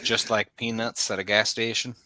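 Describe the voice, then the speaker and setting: A man's voice: lowish voice, little pitch movement, moderate pace, pushed and bright, dry recording, faint music behind, low-quality recording. A man running a tabletop game as game master, narrating scenes evocatively.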